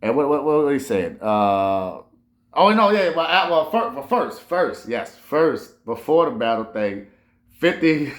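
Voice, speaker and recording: New dude ranting casual, cussing, lots of restarts, mid pitch, echoey room. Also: male voice, measured pace. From New Orleans. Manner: animated, profane, rambling with restarts. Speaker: host. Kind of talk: casual commentary monologue.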